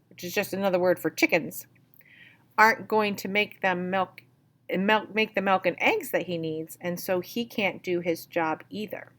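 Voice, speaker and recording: A woman's voice: mid-range voice, a bit bright. A woman teacher reading a picture book aloud and patiently explaining words step by step.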